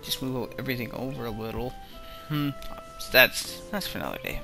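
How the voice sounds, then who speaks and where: A man's voice: mid-range voice, a little fast, vocal fry, music in the background. A man hosting a let's play, reading a visual novel aloud and breaking off into rambling asides.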